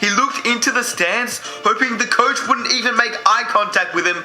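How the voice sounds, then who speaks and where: Guy reading sports story narration, high bright voice, echoey room. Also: moderate pace, soft background music. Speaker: video narrator. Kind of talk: scripted narration. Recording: roomy echo.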